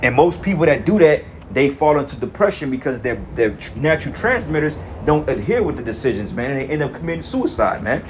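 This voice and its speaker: A man's voice: mid-range voice, very animated, brisk, hardly any pauses, a little hiss or hum. Angry profane preaching man. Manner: profane, fiery, reads verses then comments. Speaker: street preacher. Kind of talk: angry scripture-reading rant.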